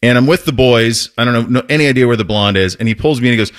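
A man's voice: mid-range voice, racing. Man telling a story on his show. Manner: animated, with frequent restarts and laughs. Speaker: host. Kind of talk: casual storytelling.

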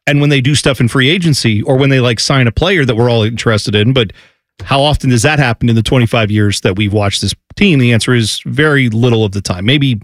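A man hosting a sports talk show, opinionated and animated, sometimes slipping into exaggerated impressions. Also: mid-range voice, brisk, no room sound. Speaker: sports radio host.

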